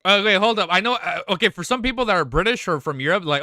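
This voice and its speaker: A male streamer chatting excitedly and casually during a live reaction stream, swearing now and then. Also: high voice, fast, no echo, clean studio sound.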